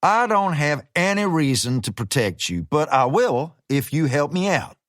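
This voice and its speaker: Male reader playing a fixer, laid-back and threatening, slow lively delivery. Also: on the high side, dry recording, clean studio sound. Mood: matter-of-fact. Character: menacing American male hired fixer, slangy.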